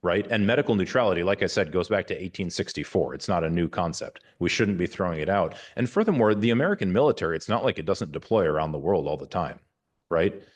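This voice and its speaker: A man's voice: sits low, animated, fast talker. A man in his forties, a surgeon giving an informal university talk, rambling with many restarts and fillers and making candid, wry asides. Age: 40s.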